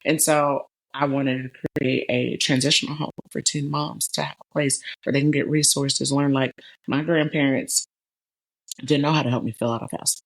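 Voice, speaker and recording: A woman's voice: extremely low pitch, steady tone, normal speed. A middle-aged woman hosting an interview podcast, talking animatedly and calling her listeners "y'all". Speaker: podcast host. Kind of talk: conversational interview.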